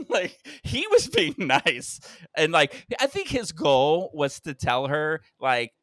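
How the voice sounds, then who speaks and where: A male podcast co-host telling a story in casual chat, animated, acting out other people's lines and laughing often. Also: fairly high pitch, a little slow, no echo, clean studio sound. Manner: animated, acts out quoted voices, laughs often.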